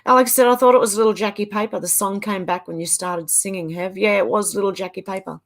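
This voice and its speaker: A middle-aged Irish woman hosts a casual livestream, chatting and laughing often as she reads viewer comments aloud in a sing-song way. Her voice sits at medium pitch, with a steady tone and a quick pace.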